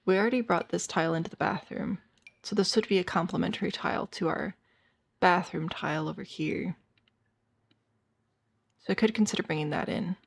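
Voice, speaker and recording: A woman streamer chats casually through a game session, answering her chat as she plays and seeming to think aloud. Her voice is hoarse and tired, sitting a little low with a rough, gravelly fry. She talks a little fast but leaves long pauses.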